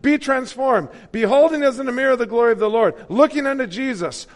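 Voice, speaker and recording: A man's voice: very high-pitched, a little fast, voice pushed up. A man voicing a fervent faith-healing preacher. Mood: commanding.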